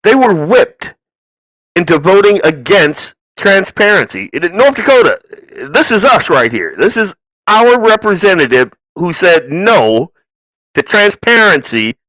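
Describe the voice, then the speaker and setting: A man's voice: sits high, sing-song, measured pace, a bit bright, no room sound, low-quality recording. A man hosting a political commentary podcast who talks in a ranting, sarcastic way, with mocking asides and put-on quotes. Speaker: podcast host.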